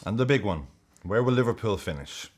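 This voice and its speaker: A man with a deep, low voice talks straight to camera as a football video host. His delivery is casual, jokey and excitable, with swearing and self-mocking asides. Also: fairly quick, husky. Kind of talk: casual vlog commentary.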